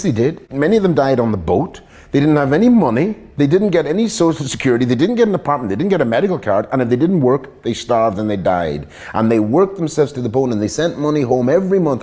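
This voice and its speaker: A man's voice: medium pitch, warm tone. An Irish man speaking in a documentary interview, indignant and emphatic, firing rhetorical questions. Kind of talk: impassioned commentary.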